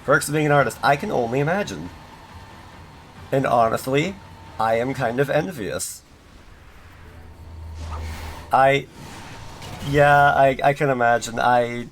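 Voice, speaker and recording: A man's voice: mid-range voice, steady tone, a little slow, long pauses. A man streaming a video game, chatting casually with his audience, rambling and self-deprecating with lots of fillers and restarts, faint game music behind. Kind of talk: casual gaming stream chat.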